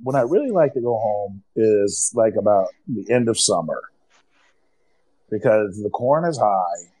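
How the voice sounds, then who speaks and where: A man's voice: lowish voice, expressive, unhurried, dark tone, low-quality recording. A man from Ohio in casual, profane, joking conversation as a podcast co-host. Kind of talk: casual chat.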